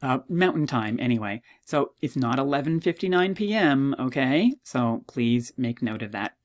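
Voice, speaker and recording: Chatty, joking male lecturer. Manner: chatty, self-mocking, jokey asides; quick, animated delivery with sudden pitch jumps. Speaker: university psychology instructor. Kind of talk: recorded course walkthrough lecture.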